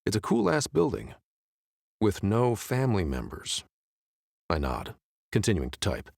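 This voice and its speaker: A man's voice: fairly low pitch, sing-song, moderate pace, creaky, no echo. A man narrating a first-person romance audiobook in a casual, wry, conversational way, close to the mic.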